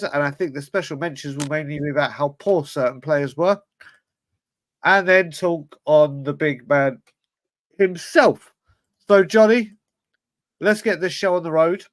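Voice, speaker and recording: A chatty man hosts a casual fan podcast, his voice sitting a little high for a man. The sound is close and dry, with no room around it. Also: no room sound. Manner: chatty, greets viewers one by one. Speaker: podcast host.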